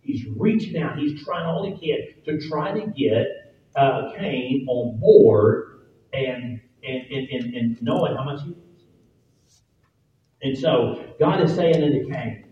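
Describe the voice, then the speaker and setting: A man's voice: mid-range voice, animated, slow pace. A man preaching a sermon with emphatic, repeated points that build up. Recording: echoey, distant, dull sound.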